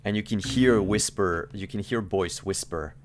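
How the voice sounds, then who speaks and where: A man's voice: on the low side, normal speed, a little hiss or hum. A man narrating as game master of a tabletop game, casual, with frequent fillers.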